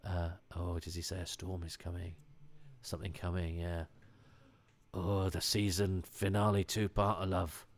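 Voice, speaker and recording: A man's voice: low-pitched, flat delivery, unhurried. Rambling English man musing aloud. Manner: rambling, many restarts and fillers, enthusiastic. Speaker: podcast host. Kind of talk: casual solo commentary.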